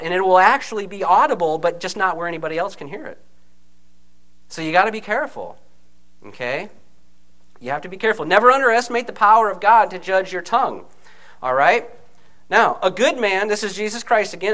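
A man preaching a conversational sermon, animated, often checking in with his listeners by asking "okay?". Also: high voice, normal speed. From United States.

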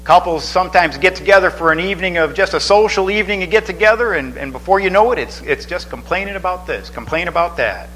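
A man's voice: high voice, expressive, fast talker, few pauses, fairly bright tone, a little hiss or hum, low-quality recording. A man preaching a sermon in a loose, chatty way, with many restarts and asides. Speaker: pastor.

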